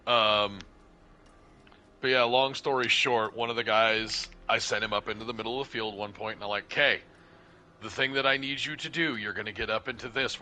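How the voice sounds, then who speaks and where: A man telling a profane, animated paintball story in casual chat, acting out what people said. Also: fairly low pitch. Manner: profane, animated, acts out dialogue.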